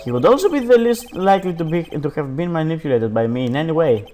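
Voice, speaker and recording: A man voicing a composed, formal prosecutor from a game, measured in his delivery. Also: fairly high pitch, animated, darkish tone, muffled recording, natural voice. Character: cool, composed male prosecutor. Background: background game music.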